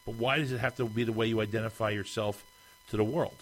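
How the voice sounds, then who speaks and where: A man's voice: on the low side, steady tone, fast, poor audio. A man hosting an opinion monologue, speaking emphatically and firing off rhetorical questions.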